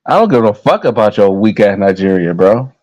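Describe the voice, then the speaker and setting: Ranting to the camera, this young man from the United States is angry, foul-mouthed and keeps repeating himself. His slightly mellow voice sits on the low side with big pitch swings and a fairly quick pace, and the audio sounds dull.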